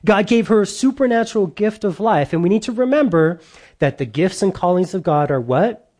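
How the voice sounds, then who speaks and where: A man's voice: high-pitched, lively intonation, brisk, darkish tone. A male pastor preaching a conversational sermon, repeating key lines for emphasis.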